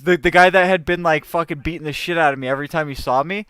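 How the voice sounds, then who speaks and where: This young man hosts a loose, chatty podcast, telling a long story in a pitched-up, clean voice. He rambles, swears casually and keeps tossing in "dude." His mic is close and dry, with no room sound. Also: quick pace, a bit bright, clear, resonant tone, dry recording. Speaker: podcast host. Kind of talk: animated storytelling in casual chat.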